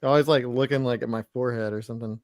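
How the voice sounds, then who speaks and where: A man's voice: medium pitch, fairly even intonation, very fast, a little mellow, no room sound. A man with a Southern US accent, chatting casually and making dry, laid-back remarks. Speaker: cast member of a comedy sketch show. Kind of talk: casual live chat.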